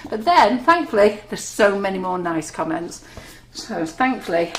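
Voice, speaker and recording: A woman's voice: medium pitch, very animated, unhurried. Woman, cake decorating host, chatty and self-mocking, echoey kitchen. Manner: chatty, giggly, self-deprecating. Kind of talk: live cooking demonstration chat. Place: kitchen studio. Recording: echoey room, faint noise.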